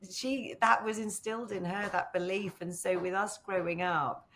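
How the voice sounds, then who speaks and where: A woman's voice: mid-range voice, steady tone, normal speed, a bit bright, a little hiss or hum. A woman from northern England, a podcast guest, chatting casually with lots of fillers and rambling asides. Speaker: podcast guest, company founder. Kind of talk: casual conversational interview.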